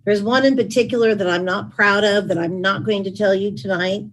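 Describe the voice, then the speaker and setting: A woman's voice: medium pitch, fairly even intonation, fairly quick, fairly bright tone, slight background noise, low-quality recording. A middle-aged woman reading wry, dry-humored anecdotes from her own book at a public talk. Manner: wry storytelling with dry asides. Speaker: author and former chief of staff.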